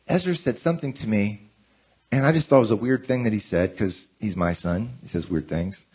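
A man in his forties preaching a conversational sermon, telling self-mocking stories in an animated way. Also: fairly low pitch, brisk, breathy edge. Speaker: pastor.

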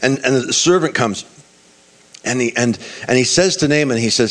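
Male preacher, storytelling sermon, stumbles and restarts, acts out characters, mid-pitch voice. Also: moderate pace. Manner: animated retelling with many restarts, acting out characters.

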